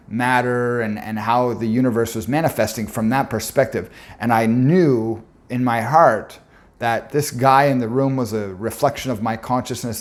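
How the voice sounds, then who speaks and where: A man giving a presentation, telling a personal story in an earnest, reflective way with frequent filler pauses. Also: mid-range voice.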